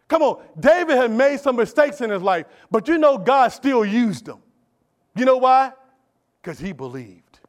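A male pastor preaching a sermon, emphatic and repetitive, calling on the congregation to answer back. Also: extremely high pitch.

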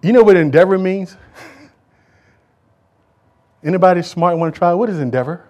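A middle-aged male pastor preaching a sermon to his congregation, swinging between loud calls and hushed asides. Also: high-pitched, normal speed, muffled recording.

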